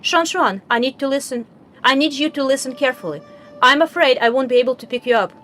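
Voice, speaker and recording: A woman reading the lines of a calm, gentle male game hero in a soft, steady, measured way. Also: high-pitched, slight background noise. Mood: tender.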